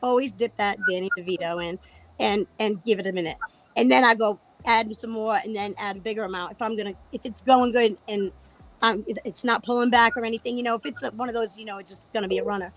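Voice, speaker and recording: A middle-aged woman with a hoarse voice, candidly chatting about trading on a panel, laughing and swearing casually. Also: fairly high pitch, poor audio. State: lost her voice, tired.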